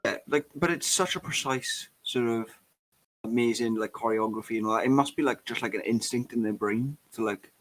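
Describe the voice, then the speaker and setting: A man's voice: medium pitch, fairly quick, fairly bright tone, low-quality recording. A man co-hosting a casual podcast chat, rambling with lots of fillers and restarts. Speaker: co-host.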